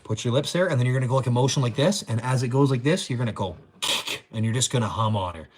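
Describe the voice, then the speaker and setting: A man's voice: medium pitch, fast, darkish tone, a little hiss or hum. A man hosting a casual livestream, joking crudely, laughing often and reading viewer comments. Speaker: livestream host.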